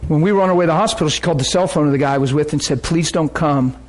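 Guy pastor preaching a story, high voice, gets loud and squeaky when he's worked up. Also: rapid-fire. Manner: animated, swings up into high cries when excited; acts out quoted people in his stories. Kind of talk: sermon storytelling.

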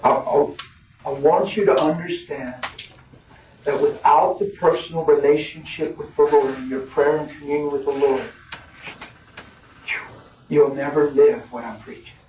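A man in his fifties preaching a sermon, folksy and animated, laughing as he tells stories. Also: fairly high pitch, measured pace, long pauses, slight background noise. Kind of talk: sermon with storytelling. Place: church hall. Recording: echoey hall from far off, crowd. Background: congregation.

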